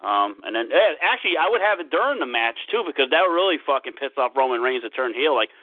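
A man's voice: mid-range voice, very animated, quick pace. A man talking casually on a podcast, rambling and swearing freely. His voice comes through a tinny, phone-like line with a narrow band. The sound is dry, with no room echo. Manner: profane, rambling, laughs at his own jokes. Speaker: podcast co-host. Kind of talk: casual wrestling chat.

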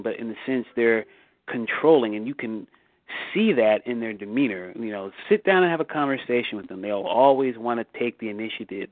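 A man's voice: medium pitch, dry recording. A man hosting a bible study discussion, talking emphatically with repeats and restarts, rising sharply for rhetorical questions. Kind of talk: casual discussion on a call. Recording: dry tinny phone line.

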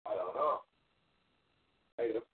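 Man, husky, mumbling, far off, thin phone sound. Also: mid-range voice, expressive, slow, phone-quality sound. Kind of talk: casual phone chat.

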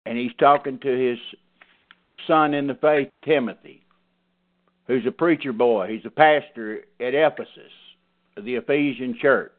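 A man preaching a sermon, folksy and emphatic, hammering on his key phrases. His voice sits at an ordinary middle pitch. The sound is narrow and phone-like. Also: measured pace, long pauses. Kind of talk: sermon teaching.

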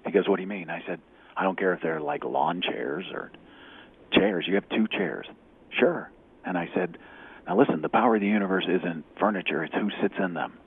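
A man, an executive recruiter, telling a faith story in an animated way, acting out the dialogue and dropping to a whisper at times. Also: sits low, a little fast, gravelly, breathy edge. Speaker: executive recruiter, guest speaker. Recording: tinny phone-like radio audio.

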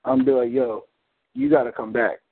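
A man's voice: medium pitch, big pitch swings, fairly quick, slightly rough. A man on a community call, telling a story in a blunt, heated, profane way. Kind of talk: casual storytelling. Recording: phone-like call audio.

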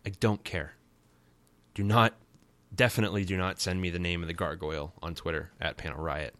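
Deep-voiced man with bright, sharp tone. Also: fairly even intonation, a little fast, no room sound. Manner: rambling, wry and sarcastic asides. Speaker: podcast host. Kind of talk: casual comic recap.

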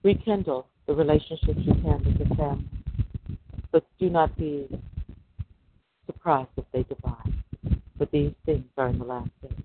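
A man's voice: fairly high pitch, fairly even intonation, moderate pace, pauses often, noisy background. A middle-aged man, a podcast host, giving a preachy religious monologue full of rhetorical questions. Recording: dry, tinny phone-line sound.

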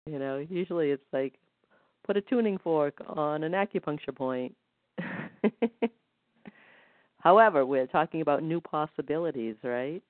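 Healer woman guiding a session, soft counting, dry tinny phone-quality sound. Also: deep voice, moderate pace, no room sound. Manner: gentle, counts rhythms aloud. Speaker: energy healing practitioner. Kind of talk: guided healing session.

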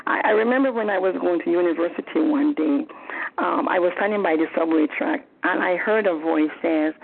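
A woman's voice: lowish voice, gravelly, slightly rough. A woman teaching a Bible study, giving an earnest testimony and emphatic exhortation with repeated phrases, heard over a telephone conference line. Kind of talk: testimony and exhortation in a prayer call. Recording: tinny phone conference line.

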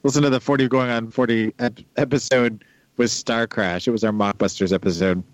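A man hosting a podcast, talking in an animated, joking way. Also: mid-range voice, brisk, dry recording, low-quality recording. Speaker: podcast host. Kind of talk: casual podcast chat.

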